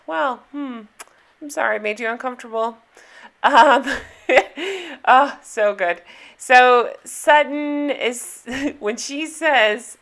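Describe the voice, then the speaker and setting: A woman's voice: a little high, expressive, takes it slowly, pushed and bright. A middle-aged woman hosting a casual reality TV recap, chatty and sarcastic, laughing often. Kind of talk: casual chat.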